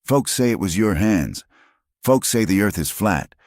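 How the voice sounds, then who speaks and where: A man voicing a nervous, defensive middle-aged sheriff in an audiobook western, pitched above his own narrating voice. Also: animated, measured pace, darkish tone, dry recording, studio quality. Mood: uneasy. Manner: defensive, strained.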